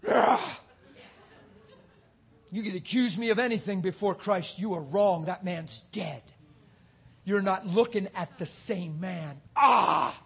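A man preaching a passionate sermon, swinging between shouts and hushed, intimate talk. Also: high-pitched, slow, pauses often, husky.

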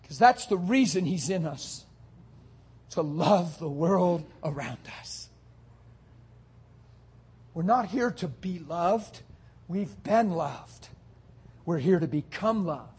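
A man's voice: high voice, animated, slow pace, pauses often, darkish tone, breathy edge. A man preaching a sermon, talking to his congregation with fervent, emphatic delivery.

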